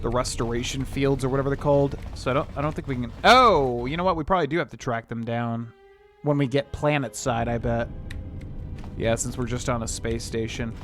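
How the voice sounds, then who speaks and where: A man's voice: mid-range voice, brisk, a bit bright, faint music behind. A man streaming a video game, talking in a casual, rambling way and humming filler syllables while he plays. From United States. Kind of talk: let's play commentary.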